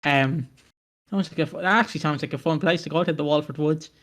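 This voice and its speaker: Rambling man, rather high. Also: fast talker, a bit bright. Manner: rambling, laughing, self-correcting. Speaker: podcast co-host. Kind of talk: casual recap chat.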